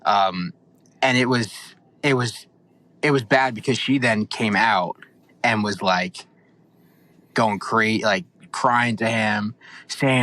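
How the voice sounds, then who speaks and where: Young guy on a podcast, bright voice, rambling excited recap. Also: on the low side, takes it slowly, poor audio. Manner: animated, rambling storytelling. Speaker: podcast co-host.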